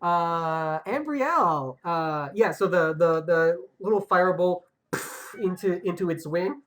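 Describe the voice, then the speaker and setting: A woman's voice: fairly low pitch, lively intonation, measured pace. A woman acting as game master of an online tabletop game, talking over a video call with many fillers and hesitations. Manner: hesitant, filler-heavy, laughs often.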